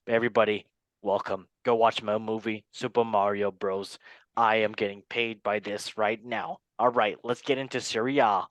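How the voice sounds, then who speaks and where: A man's voice: on the low side, fairly even intonation, moderate pace, no room sound, close to an everyday voice. A man doing a comedic impression of a goofy, self-promoting male movie star, clowning around. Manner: clowning, repeating a catchphrase-like self-introduction.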